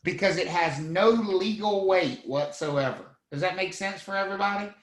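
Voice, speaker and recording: A man's voice: sits high, moderate pace, reverberant, poor audio. A man teaching a real estate class, quizzing students and acting out courtroom scenes. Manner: lively, asks the class questions, acts out scenes. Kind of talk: live online class lecture.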